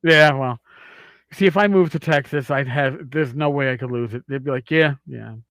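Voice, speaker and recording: A man's voice: mid-range voice, normal speed, a bit bright, dry recording. Queens-accented man, rambling and profane. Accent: New York, Queens. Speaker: podcast host. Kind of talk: casual chat.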